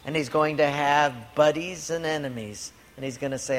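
A man preaching in a big space with a long, ringing reverb trailing each phrase. His voice sits a touch higher than most men's, and he tells a personal story earnestly, repeating his key lines. There's a faint hum of room noise underneath. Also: moderate pace. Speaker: pastor.

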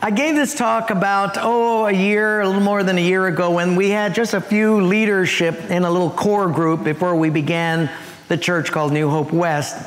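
In a church sanctuary with big-room sound, a male pastor with a high-sitting voice preaches at normal speed. He tells humorous stories to his congregation, animated and acting out the characters' voices.

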